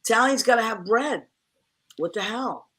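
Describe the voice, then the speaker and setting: Woman host, chatty and animated; bright tone. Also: a little high, moderate pace, breathy edge. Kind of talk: casual chat.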